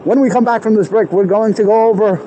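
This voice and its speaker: A man's voice: high voice, fast talker, dark tone, slight background noise, lightly acted, poor audio. A man doing a slick sports announcer. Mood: polished. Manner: polished, overly crisp announcer delivery. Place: outdoors on a city street.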